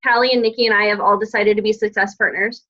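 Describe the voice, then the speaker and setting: A woman's voice: medium pitch, steady tone, fast, bright, forceful tone. A woman coach telling her team about a weekend in a heartfelt, gushing way, full of "like". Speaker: team coach on a group call. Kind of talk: emotional casual sharing. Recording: dull lo-fi call audio.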